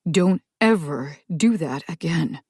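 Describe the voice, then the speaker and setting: A woman's voice: deep voice, lively intonation, slow pace, dark tone, husky, dry recording, clean studio sound, exaggerated voice. A woman voicing a nervous, friendly father who talks in a mildly raised, uneasy way. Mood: firm.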